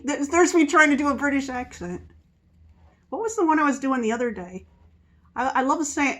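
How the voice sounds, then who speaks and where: A woman's voice: sits high, a little slow, pauses often, a bit bright. Woman, middle-aged, mixed Philadelphia and Southern US accent, casual vlog chat, rambling, self-mocking. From Philadelphia area, USA. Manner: rambling, chatty, laughs at herself. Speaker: vlogger.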